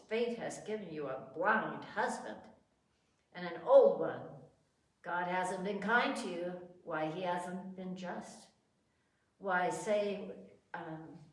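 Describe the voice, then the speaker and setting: A woman reading aloud as a pair of flattering young male twin gods, in a coaxing manner, heard from far off in an echoey room. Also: on the low side, close to an everyday voice.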